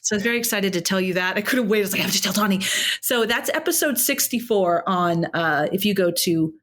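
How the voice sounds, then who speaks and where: A woman co-hosting a horror movie podcast in relaxed, casual chat. She tells stories with a loose, conversational flow, cursing now and then and adding dramatic little asides. Her voice sits at a mid-range pitch for a woman. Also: fairly quick. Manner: chatty, swearing, retells a story with dramatic asides. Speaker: podcast co-host.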